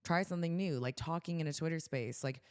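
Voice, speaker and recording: A woman's voice: low voice, quick pace, a little mellow. A woman from California co-hosting a podcast, chatting casually and bubbly, with lots of "like" fillers. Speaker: podcast co-host. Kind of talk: casual chat.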